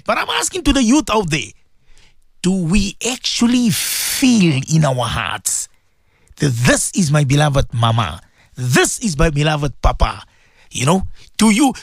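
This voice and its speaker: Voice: mid-range voice, dry recording, clean studio sound. A radio host giving a preaching talk, emphatic and repetitive, asking rhetorical questions and dropping Arabic religious phrases into English.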